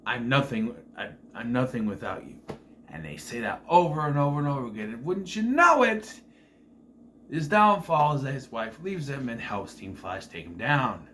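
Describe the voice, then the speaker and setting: A man's voice: medium pitch, fairly bright tone, a little hiss or hum. A man giving a casual spoken review of a TV season, rambling with frequent fillers and self-corrections and the odd wry, incredulous aside.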